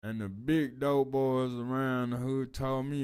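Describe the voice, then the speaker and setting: A man giving casual reaction commentary in a slow, drawling way, full of street slang and frequent "man". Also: mid-range voice, fairly even intonation, a little mellow, clean tone.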